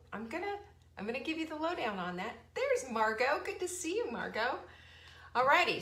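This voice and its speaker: A woman's voice: a little high, a bit bright. A middle-aged woman hosting a casual live stream from her home office, chatty and upbeat, rambling from one thought to the next. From Southern California. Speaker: host. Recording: roomy echo.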